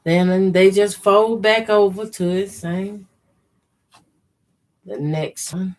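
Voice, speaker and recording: A woman's voice: medium pitch, fairly even intonation, darkish tone. A woman chatting to viewers in an easygoing way while she sews quilt blocks on a livestream. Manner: slow, easygoing running commentary, addresses viewers as y'all. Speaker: quilter hosting a sewing livestream. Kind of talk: casual chat while sewing.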